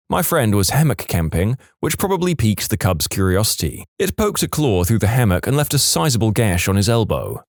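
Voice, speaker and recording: A man narrating submitted stories in a lively storytelling manner, with dramatic pauses. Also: medium pitch, dry recording, clean studio sound. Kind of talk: scripted narration of reader stories.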